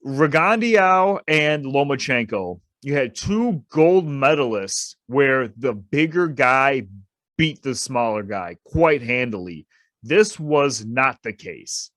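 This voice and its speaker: A man's voice: a little high, a bit bright, no room sound. A man co-hosting a casual boxing podcast, opinionated and emphatic, repeating his points to drive them home. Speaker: podcast co-host.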